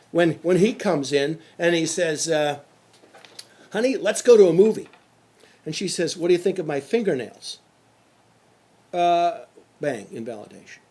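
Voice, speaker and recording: A man's voice: fairly high pitch, a little mellow. Emphatic man lecturing on sales. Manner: emphatic, repeats key phrases, acts out quotes. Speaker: sales trainer.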